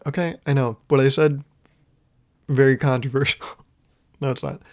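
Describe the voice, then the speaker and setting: With a medium-pitched, somewhat dark voice, this young solo podcast host wanders through a laid-back comic monologue, chuckling at his own gags.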